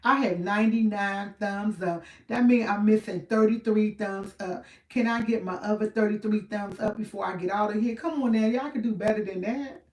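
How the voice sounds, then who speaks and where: A woman's voice: mid-range voice, moderate pace, few pauses, darkish tone, recorded from a distance. A middle-aged woman, chatting casually and rambling with viewers on a livestream, laughing often. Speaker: livestream host. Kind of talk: casual live chat with viewers. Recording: roomy sound from off-mic.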